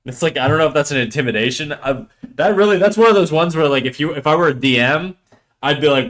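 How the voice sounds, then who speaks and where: A man in his thirties chats casually with viewers as he draws on stream. He jokes around and laughs easily, in a relaxed, teasing way. His voice sits at a middle pitch. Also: quick pace. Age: 30s. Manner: joking, playful, often laughing. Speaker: livestreamer. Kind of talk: casual chat with viewers while drawing.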